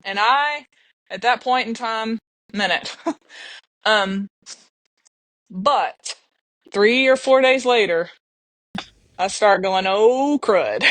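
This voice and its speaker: A woman's voice: a little high, fairly bright tone, no echo. A middle-aged woman, telling a personal story earnestly on a podcast. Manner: earnest, emotional, with restarts and laughs. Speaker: podcast guest. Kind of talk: casual storytelling.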